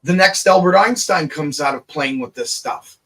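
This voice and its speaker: A man, an inventor, talking in a relaxed group video chat, animated and quick to laugh and swear. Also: fairly high pitch, husky. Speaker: inventor and show guest.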